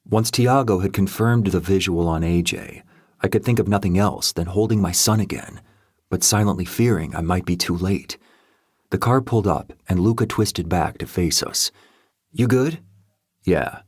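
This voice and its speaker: Deep-voiced guy narrating an audiobook, steady and measured, dry close sound. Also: slightly rough, no echo. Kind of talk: first-person audiobook narration.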